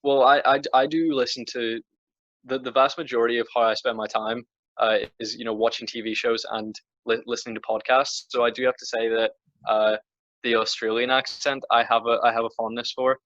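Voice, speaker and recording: A man's voice: medium pitch, flat delivery, a little fast, fairly bright tone, dry recording. A man with a Northern Irish accent co-hosting a podcast in casual chat, rambling with many restarts and fillers. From Northern Ireland. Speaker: podcast co-host. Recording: dry, dull lo-fi sound.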